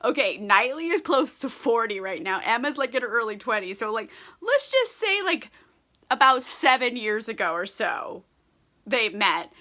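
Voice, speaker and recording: A woman's voice: on the high side, sing-song, moderate pace, bright, forceful tone. A young woman, a little drunk on wine, recapping a novel in a casual comic vlog, laughing often, swearing freely and saying "like" a lot. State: tipsy from wine. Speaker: book vlogger. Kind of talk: casual comedic book recap.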